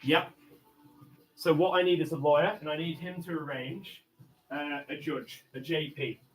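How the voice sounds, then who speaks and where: An Englishman livestreaming from inside a house, aggressive and profane, swinging between low muttering and angry shouting as he makes demands. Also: steady tone, normal speed. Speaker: livestreamer in a police standoff. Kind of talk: livestreamed confrontation.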